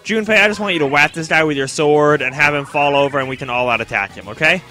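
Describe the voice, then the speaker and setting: A young let's play commentator talks casually and self-mockingly over his gameplay, often addressing the game's characters directly. His voice is on the high side, fast, bright, and forceful, with faint music behind him.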